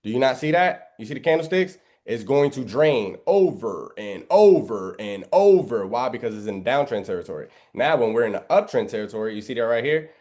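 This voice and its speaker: Here the trading instructor sounds mid-range and darkish, talking briskly and animatedly with hardly any pauses. He runs his live screen-share lesson like a sermon, emphatic and full of rhetorical questions, biblical references, and "right?"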